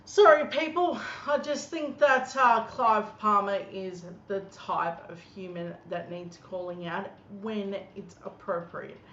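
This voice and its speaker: Woman, 30s, blunt scornful political rant; mid-pitched, recorded in an echoey room. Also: takes it slowly, few pauses, fairly bright tone. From Australia. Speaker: political commentator. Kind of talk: ranting political commentary. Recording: echoey room, dull lo-fi sound, faint noise.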